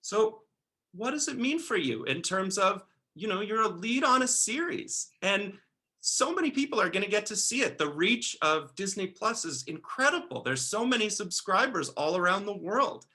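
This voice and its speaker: A man's voice: sits high, sing-song, moderate pace, bright, forceful tone. A man interviewing an actress, asking long, chatty, winding questions.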